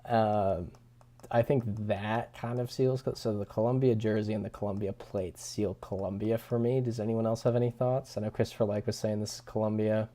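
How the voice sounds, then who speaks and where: A man's voice: lowish voice, steady tone, moderate pace, dark tone. A young man streaming live and chatting casually with viewers, laid-back, often chuckling and restarting his sentences. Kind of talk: casual livestream chat reading viewer comments.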